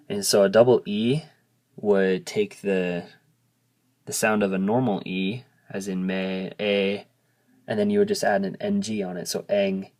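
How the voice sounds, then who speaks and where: A man's voice: fairly low pitch, a little mellow. A man who speaks English as his first language gives a casual video lesson, patiently explaining and sounding out vowels. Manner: slow, patient explaining, modelling sounds aloud. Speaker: language teacher.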